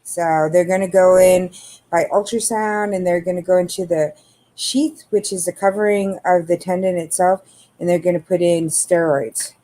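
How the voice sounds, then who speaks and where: A middle-aged woman hosting a casual livestream, greeting viewers by name in a relaxed, tired, unhurried way. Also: lowish voice. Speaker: livestream host.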